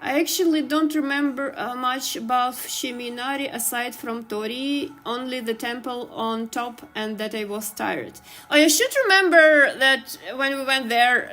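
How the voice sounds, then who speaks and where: A young Ukrainian woman who streams and makes art chats casually on a live stream as she draws. Her voice is high, bright, and forceful with a Slavic accent, and she giggles and trails off with fillers.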